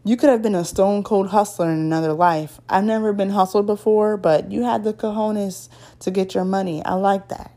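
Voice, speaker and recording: A woman's voice: mid-range voice, steady tone, normal speed, hardly any pauses, dark tone, natural voice. A woman voicing a cool, menacing grown man who hides threats in friendly talk. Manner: smooth, veiled threats, then laughing and friendly.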